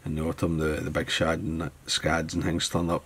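This Scottish man talks through a fly-tying tutorial at his desk, relaxed and musing aloud while he ties. He has a husky bass voice with a fairly bright tone, and his delivery is completely flat at a moderate speed.

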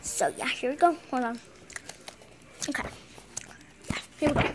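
A woman reading a picture book aloud slowly and haltingly, stumbling and restarting on words. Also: high-pitched, a little hiss or hum. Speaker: reader.

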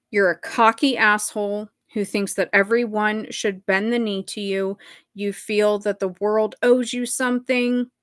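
A woman's voice: mid-range voice, dry recording, clean studio sound. A woman delivering an angry, contemptuous callout rant straight to her viewers, cutting and emphatic. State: emotional, voice straining. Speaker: video creator. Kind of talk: direct-to-camera callout rant.

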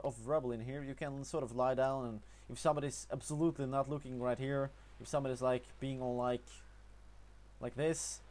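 Halting young man, Norwegian accent. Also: mid-range voice, darkish tone. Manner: halting, many fillers and restarts. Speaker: gaming tutorial narrator. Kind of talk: casual gameplay voice-over.

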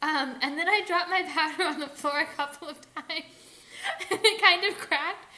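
Bright, high young woman, playful. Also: normal speed. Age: young adult. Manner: playful, teasing, chiming in. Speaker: guest friend. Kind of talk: casual chat. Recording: echoey room.

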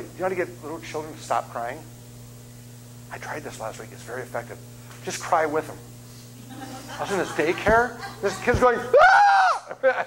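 A man's voice: high-pitched, background noise. A middle-aged man preaching a sermon in a church, joking and acting out voices. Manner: joking, animated, acts out voices and screams. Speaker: guest preacher. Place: church sanctuary.

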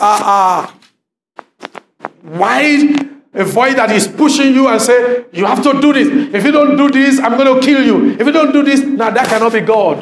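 A male pastor preaching a sermon in church, emphatic, often asking the congregation if they are listening and rising to shouts. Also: very high-pitched, echoey room, slight background noise, rough recording.

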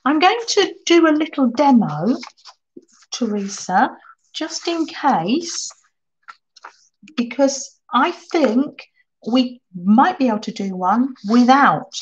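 A woman hosts a relaxed live craft stream, taking her time and reacting eagerly to viewers' ideas. Her fairly high voice swings up and down with lively pitch. The recording sounds a little dull and lo-fi. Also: slow pace, a little hiss or hum. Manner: chatty, enthusiastic, answers live chat comments. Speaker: crafting channel host.

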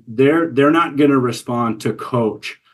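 Earnest forties man, podcast guest, mid-pitched voice, stumbling restarts. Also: a little slow. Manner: earnest, repeats words as he talks. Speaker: podcast guest, business coach and father. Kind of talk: casual interview conversation.

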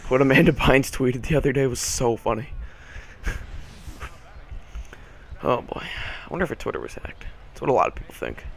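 Young man, hoarse, gravelly, rambling game commentary, faint background hum. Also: medium pitch, very animated, normal speed, pauses often. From Boston area. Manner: rambling, swears, frequent "like" fillers. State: hoarse morning voice. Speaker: gaming channel host. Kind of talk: casual gameplay commentary.

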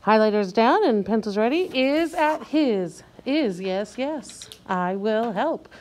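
Slow, patient woman teacher. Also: on the high side, expressive, a little mellow, a little hiss or hum. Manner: slow, clear, patient, drawing out words. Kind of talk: reading lesson for young children.

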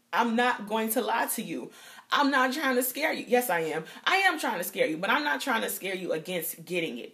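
A young woman, telling a personal story in a vlog, animated and acting out quotes, sometimes dropping to a whisper. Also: mid-range voice. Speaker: vlogger.

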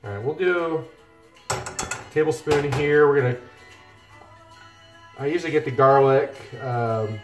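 A man's voice: on the high side, unhurried, pauses often. Chatty middle-aged man in echoey kitchen. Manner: chatty, joking, talks to viewers while cooking. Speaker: cooking livestream host. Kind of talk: casual cooking livestream chat. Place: home kitchen. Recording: echoey kitchen with music playing. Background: music from laptop speakers, frying food.

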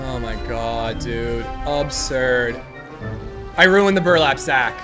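A man giving gameplay commentary, excitable and ranting with frequent swearing. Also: mid-range voice, takes it slowly, loud music behind the voice. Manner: excitable, swears freely, rants in frustration. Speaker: gaming video creator.

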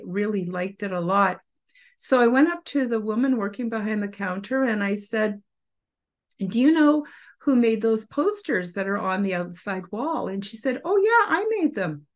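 A woman hosting a podcast who tells a personal story in a rambling, effusive way, with many fillers. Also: mid-range voice. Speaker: podcast host.

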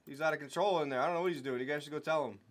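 A man's voice: a little high, fast talker. A young man hosting a live sports card break, talking casually and joking with his viewers. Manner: chatty, jokes with viewers and talks sports. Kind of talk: casual live stream chat.

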